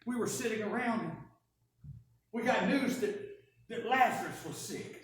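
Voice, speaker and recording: A woman preaching a first-person dramatic sermon, telling the story in an animated, wry way. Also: on the high side, moderate pace. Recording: echoey church from a distance.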